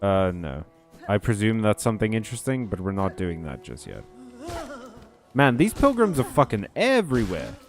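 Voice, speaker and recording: A man's voice: fairly low pitch, wildly swooping pitch, moderate pace, faint music behind. Casual, joking man doing game commentary. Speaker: game streamer. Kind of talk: let's play commentary.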